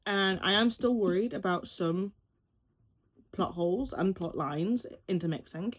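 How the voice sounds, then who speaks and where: A young woman vlogging at home, reacting to a film trailer in an excitable, rambling way, stumbling over words and swearing casually. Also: medium pitch, a little slow.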